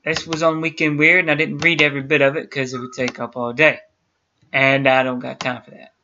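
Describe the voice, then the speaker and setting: Earnest man with a bright voice. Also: mid-range voice, flat delivery, a little fast, slight background noise. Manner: earnest, talks straight to viewers. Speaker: YouTube channel host. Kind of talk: casual talk to camera. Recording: dull lo-fi sound.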